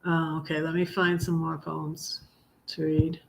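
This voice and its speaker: A middle-aged woman hosting a live stream, chatting casually and reading her own poems in a halting, heartfelt way with many ums and restarts. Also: low-pitched, flat delivery, vocal fry, background noise. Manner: halting, full of ums and restarts, soft laughs; heartfelt, gets emotional while reading. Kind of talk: casual livestream chat and poetry reading.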